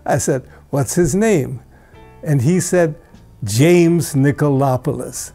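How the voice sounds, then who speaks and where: Older man presenting a tribute, plain-spoken storyteller, mellow voice, faint music behind. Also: on the high side, takes it slowly. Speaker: award presenter. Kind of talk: anecdotal tribute speech.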